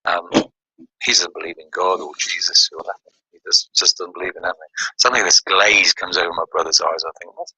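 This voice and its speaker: A man from the United Kingdom recounts a personal testimony in a very low, husky voice. His tone is notably bright and sharp, with a dry, close sound. He slips into the voices of the people in his story as he tells it. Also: flat delivery, a little fast, no room sound, poor audio. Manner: storytelling with quoted dialogue.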